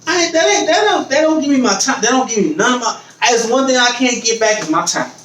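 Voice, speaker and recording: A man's voice: very high voice, expressive, fast talker, fairly bright tone, reverberant, distant mic, slight background noise, poor audio. A man hosting a podcast in casual chat, swearing freely, acting out other people's voices and laughing often. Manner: swears freely, repeats phrases while building a point. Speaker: podcast host.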